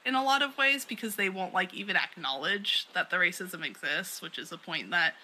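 A woman's voice: fairly low pitch, expressive, brisk, pushed and bright, poor audio. A woman co-hosting a podcast in casual chat, rambling with many fillers and frequent laughs. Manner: rambling, lots of "like" and "um", laughs often. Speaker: podcast co-host.

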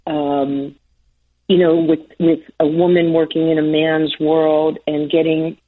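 A woman in her sixties from New York, a former basketball player, telling stories in an interview, laughing often and acting out the voices of the people she quotes. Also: low-pitched. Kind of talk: storytelling interview. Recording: tinny phone-line sound.

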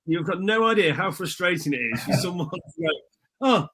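A male host with a somewhat high voice talks casually with his guest. He rambles a little and laughs as he speaks. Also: lively intonation, fast, fairly bright tone, breathy edge. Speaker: podcast host. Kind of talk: casual chat.

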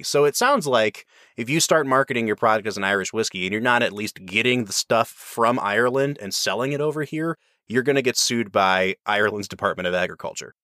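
A man's voice: medium pitch, pushed and bright, dry recording, clean studio sound. A man hosting a whiskey review, explaining and chatting in an enthusiastic, rambling way. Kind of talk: casual review chat.

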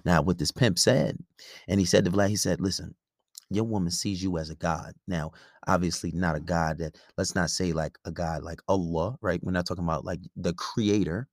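A man's voice: sits low, fairly even intonation, moderate pace, no room sound, studio quality. A man hosting a podcast, giving relationship advice in a blunt, profane, rambling casual monologue.

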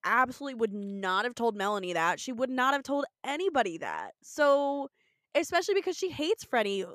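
A woman's voice: on the high side, brisk, no echo, clean studio sound. A young woman co-hosting a podcast, casually recapping a TV episode, laughing often and acting out the characters' lines. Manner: animated, laughs often, acts out quotes. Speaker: podcast co-host.

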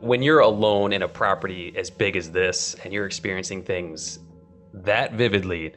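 A man's voice: sits low, moderate pace, fairly bright tone, faint music behind. A man hosting a chat who mostly reacts briefly and then speaks up in support of his guest. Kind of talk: casual chat.

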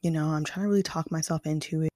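A woman's voice: deep voice, fairly even intonation, fast, mellow, no room sound, clean studio sound. A young woman from Kansas City chatting frankly to her viewers, full of fillers. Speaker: vlogger. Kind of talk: casual storytelling to camera.

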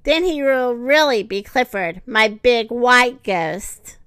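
A kind young girl from a picture book, voiced by a woman reading aloud. She talks gently and slowly, with a bright, lively lilt, close to the mic. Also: fairly high pitch, clean tone, no room sound. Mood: gentle. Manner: gentle, reassuring. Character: kind young girl, owner of a big dog.

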